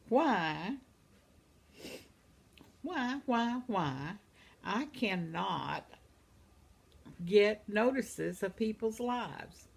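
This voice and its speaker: A woman's voice: on the low side, extremely slow, creaky, pauses often. A woman in her seventies chatting casually at home, reading out viewer comments and laughing often. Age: 70s. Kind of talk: casual chat.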